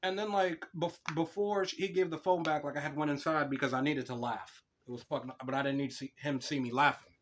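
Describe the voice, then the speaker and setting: A young man co-hosting a casual podcast, telling stories in a lively, foul-mouthed way. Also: on the high side, brisk, few pauses, a little hiss or hum. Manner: swears a lot, animated storytelling. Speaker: podcast co-host.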